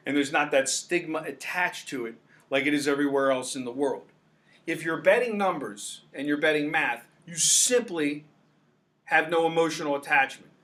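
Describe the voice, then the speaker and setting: Brash, bright-voiced man hosting. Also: fairly high pitch. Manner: brash, emphatic, salesman-like. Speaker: sports betting show host. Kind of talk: casual sports betting talk.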